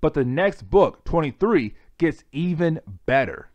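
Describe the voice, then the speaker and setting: A man with a fairly high speaking voice casually recaps a comic's plot for his viewers. He is chatty and keeps calling them "guys". The recording is dry and close, with no room echo. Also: lively intonation, measured pace, darkish tone. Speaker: comic book reviewer.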